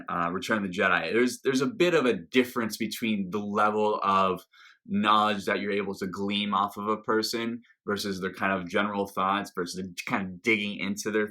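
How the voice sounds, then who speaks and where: A man with a sharp-toned, low-leaning voice hosts a reaction video, reviewing an episode. He's casual and enthusiastic, rambling along with fillers and restarts.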